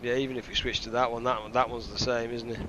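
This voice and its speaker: A man's voice: medium pitch, quick pace. Chatty man streaming a game. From United Kingdom. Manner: chatty, excitable, thanks viewers by name. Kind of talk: casual live gameplay commentary. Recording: slightly dull stream mic with faint hiss.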